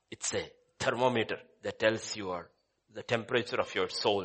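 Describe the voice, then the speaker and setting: A male pastor preaching emphatically, swinging between loud exclamations and hushed asides. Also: medium pitch, lively intonation, fast. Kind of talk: sermon.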